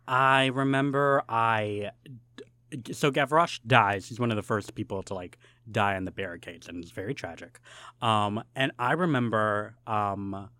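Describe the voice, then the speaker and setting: A young man co-hosting a podcast, telling an animated story with lots of laughs and fillers. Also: fairly low pitch, no echo. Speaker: podcast co-host. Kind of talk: casual chat, storytelling.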